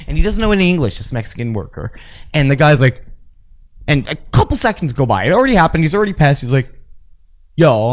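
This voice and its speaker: A man co-hosting a podcast, telling rambling, profane stories in casual chat. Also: a little high. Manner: rambling, profane storytelling, animated. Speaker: podcast co-host.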